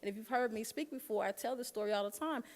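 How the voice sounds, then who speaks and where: A long hall reverb surrounds a woman's dinner keynote in a large banquet room. She talks quickly in a slightly high, somewhat mellow voice, recounting a personal story and addressing listeners directly.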